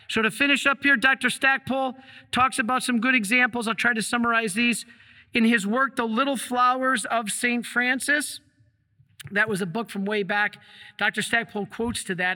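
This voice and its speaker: A male priest giving a sermon, telling stories with animated, humorous energy. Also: high voice, long reverb tail. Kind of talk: sermon, storytelling.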